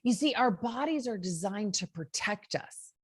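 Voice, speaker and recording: A woman's voice: medium pitch, lively intonation, normal speed, slightly rough, no room sound, studio quality. A woman hosting a motivational self-help talk, earnest and conversational, with many fillers. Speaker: host.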